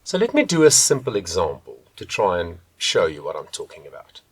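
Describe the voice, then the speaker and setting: A man working as a vocal coach, teaching vocal technique to the camera and shifting between soft and loud demonstrations. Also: low-pitched, wildly swooping pitch, brisk, breathy edge, dry recording.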